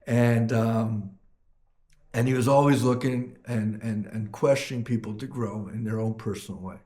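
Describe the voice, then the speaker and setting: A jolly rabbi from Canada recounts stories in an interview, his voice at an everyday middle pitch. He talks warmly and laughs, with plenty of fillers along the way. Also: steady tone, moderate pace, roomy sound. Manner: jolly, warm anecdotes with laughter, frequent fillers. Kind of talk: storytelling interview.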